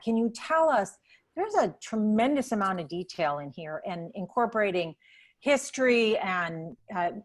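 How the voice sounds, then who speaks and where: A woman interviewing an author on a video call, asking long questions with many restarts and repeated words. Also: mid-range voice. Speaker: interviewer, congresswoman.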